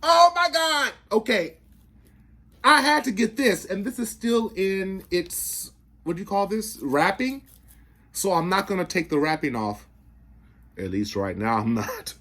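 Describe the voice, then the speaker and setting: An excitable record collector hosts a casual show-and-tell, chatting directly to his viewers and breaking into falsetto singing when a song grabs him. His voice leaps up and down with lively intonation, yet he speaks a little slowly and takes his time over each sentence.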